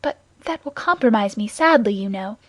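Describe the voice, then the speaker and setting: A woman's voice: mid-range voice, lively intonation, moderate pace, a bit bright, no echo. A woman voicing a frightened, secretive young woman in an audiobook, with urgent, pleading questions.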